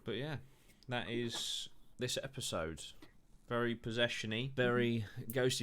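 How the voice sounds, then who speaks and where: A man's voice: medium pitch, a little slow, a bit bright, clear, resonant tone. A man hosting a podcast in casual, rambling chat, full of swearing and fillers. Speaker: podcast host.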